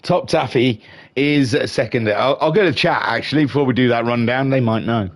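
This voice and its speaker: A man's voice: medium pitch, moderate pace. A man giving live sim racing commentary as the channel's host, rambling and joking as he reads out viewer chat between races. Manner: excitable, rambling, jokey. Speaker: race commentator and streamer.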